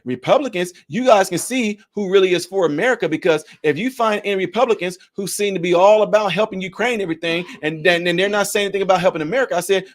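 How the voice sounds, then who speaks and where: Male livestream host, high-pitched, emphatic and repetitive, speaks straight to his chat. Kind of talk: political commentary livestream.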